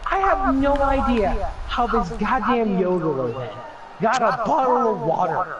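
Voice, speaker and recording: Excitable guy on a podcast, keeps cracking up, swoops up and down a lot. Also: very high voice, poor audio. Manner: animated, laughing storyteller. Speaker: podcast co-host telling a story. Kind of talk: casual chat.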